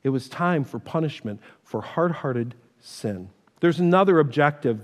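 A man's voice: a little high, expressive, measured pace. A middle-aged man preaching a sermon in a church, conversational and emphatic, weaving in personal stories. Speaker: pastor. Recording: long hall reverb.

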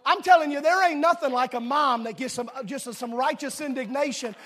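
A middle-aged man preaching a sermon in a church, swinging between emphatic shouted declarations and quiet, chatty asides to the congregation. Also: very high voice, normal speed.

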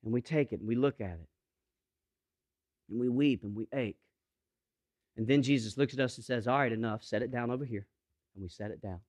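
A man preaching a sermon, moving from quiet, intimate passages to emphatic, rising calls to the congregation. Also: mid-range voice. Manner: dynamic preaching, swings from hushed to emphatic. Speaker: pastor.

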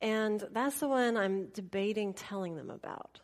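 A woman telling a travel story in a casual, animated way, laughing often, mimicking people and dropping into soft asides. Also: medium pitch, a little slow.

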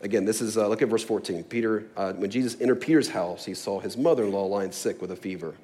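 A man's voice: on the low side, fast, warm tone. A man preaching a sermon in a church, conversational and prone to laughing, building to emphatic passages. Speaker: pastor. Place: church sanctuary.

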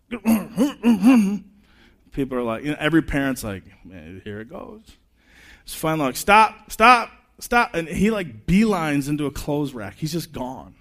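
A man in his thirties preaching a sermon in a conversational way, telling personal stories with quick asides. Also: a little high. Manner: animated, chatty storytelling with quick asides. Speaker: pastor.

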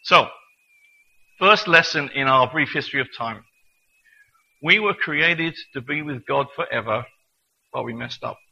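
A man preaching a sermon in an earnest manner, reading scripture slowly and deliberately. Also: mid-range voice, gravelly, sharp tone, husky, highs cut off.

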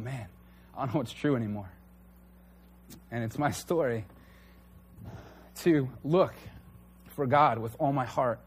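A man's voice: mid-range voice, slightly rough. A man preaching a conversational sermon to a church congregation, earnest and candid. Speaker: pastor.

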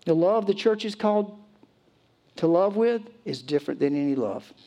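A man's voice: high-pitched, lively intonation, moderate pace, lo-fi sound. Earnest male pastor preaching. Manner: earnest, swings from hushed to emphatic. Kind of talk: sermon.

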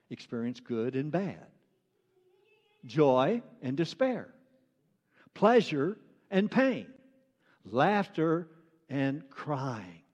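A man's voice: medium pitch, a little mellow, in a large hall. A man preaching a sermon as pastor, earnest and repeating phrases for emphasis.

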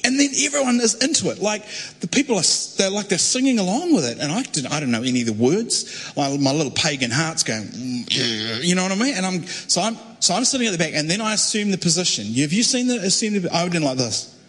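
A young man preaching a testimony, telling his story animatedly and acting out other voices, with a husky voice. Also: high-pitched, fast talker. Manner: animated, acts out quoted voices. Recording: echoey hall with long reverb.

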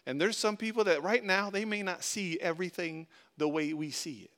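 A man preaching a sermon, moving from soft, hushed appeals to loud, ringing passages and repeating words as he builds a point. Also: high voice, a little fast. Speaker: pastor.

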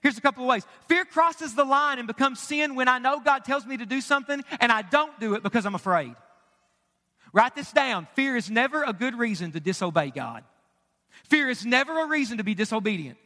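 A male pastor delivers his sermon in a very high, sharp, forceful voice. He talks emphatically and conversationally, tossing out rhetorical questions and jokes. His voice rings through a church with a long reverb tail. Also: lively intonation, a little fast. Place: church sanctuary.

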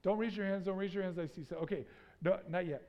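A man preaching to a congregation, telling a story with animated energy and putting statistics to the crowd. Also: sits high, fast, muffled recording. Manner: animated storytelling, acting out his own panic. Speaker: pastor. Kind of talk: sermon. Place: church sanctuary. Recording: long church reverb.

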